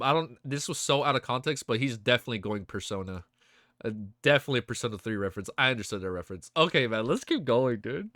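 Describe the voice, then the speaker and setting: A man live-streaming his reactions, excitable and hyped, with casual slang and swearing. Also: mid-range voice, quick pace, no room sound, studio quality. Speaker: streamer reacting to a web novel.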